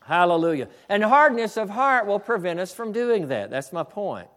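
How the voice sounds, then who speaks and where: A male preacher with a high, sing-song voice delivers a fervent sermon at a moderate pace. He keeps restarting phrases, interjects exclamations of praise, and builds toward shouting.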